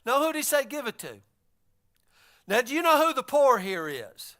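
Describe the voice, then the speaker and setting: A man's voice: very high voice, big pitch swings, moderate pace, long pauses, fairly bright tone. A man preaching a sermon, retelling a story and acting out the voices of its figures. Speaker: pastor.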